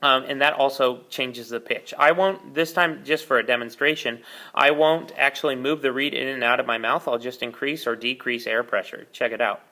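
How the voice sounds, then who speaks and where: Bright-voiced man teaching the oboe. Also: medium pitch, fairly even intonation, normal speed. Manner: patient, explanatory, frequent fillers. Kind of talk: step-by-step music lesson. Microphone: camera mic, repositioned during video.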